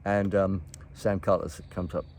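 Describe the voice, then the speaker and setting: A man's voice: sits low, level tone, a little slow, darkish tone, slight background noise. An older man hosting a show, telling rambling stories from his past in a casual way, with frequent chuckles and restarts. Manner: rambling, chuckles often, many fillers and restarts. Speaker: host. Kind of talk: casual reminiscing storytelling.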